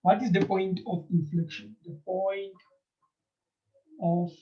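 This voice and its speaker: A man teaching a math lesson, speaking straight to his students, often checking in with "right?" and filling pauses with "um". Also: high-pitched, steady tone. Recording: dull lo-fi recording.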